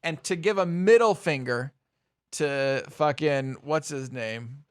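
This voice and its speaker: A young man livestreaming, reacting to market swings with swearing, laughter and excited exclamations. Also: fairly high pitch, slow pace, clear, resonant tone. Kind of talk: excited live stream commentary.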